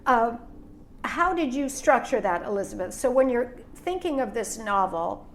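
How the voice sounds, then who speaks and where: A woman interviews authors, winding through her questions in a thoughtful, musing way. Her voice sits a little high, with faint room noise behind her. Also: sing-song, normal speed. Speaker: host and interviewer. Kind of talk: casual interview.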